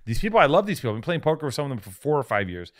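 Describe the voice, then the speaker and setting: A man co-hosting a podcast, firing off profane, mock-furious rants at high speed. His pitch swings widely as he jumps from grievance to grievance, and the back-and-forth stays casual even at its angriest. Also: very fast. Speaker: podcast co-host.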